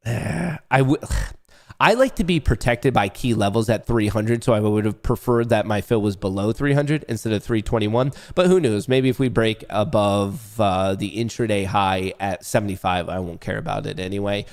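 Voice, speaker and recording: A young man hosting a day-trading livestream talks in a lowish, slightly mellow voice with lively intonation at normal speed. The commentary is casual: he jokes, swears, and chats loosely with viewers.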